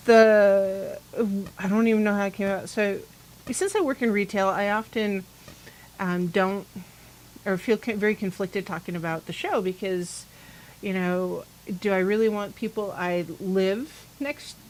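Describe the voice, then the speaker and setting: A woman's voice: mid-range voice, a little hiss or hum, low-quality recording. Rambling woman host telling a story. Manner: rambling, animated, acts out quoted dialogue. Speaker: host of a pagan talk show. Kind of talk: casual storytelling chat.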